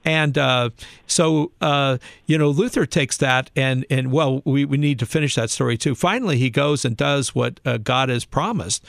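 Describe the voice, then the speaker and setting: A man hosting a faith radio show, telling stories in a halting way with many fillers. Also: mid-range voice, vocal fry, no room sound, studio quality.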